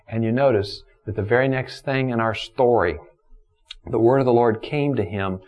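A man preaching a sermon, repeating phrases for emphasis and moving between soaring exclamations and hushed, low reflection. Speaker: pastor.

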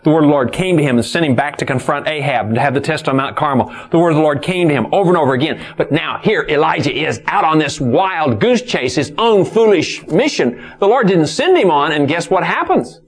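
A male pastor preaches a sermon in a slightly rough voice, repeating phrases for emphasis. He swings between soaring exclamations and hushed, low reflection.

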